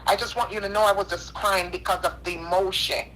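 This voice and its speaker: A woman's voice: mid-range voice, steady tone, fairly quick, a bit bright. Tearful woman pleading on a noisy phone line. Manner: earnest, repetitive, preacherly. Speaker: caller. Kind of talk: emotional call-in apology.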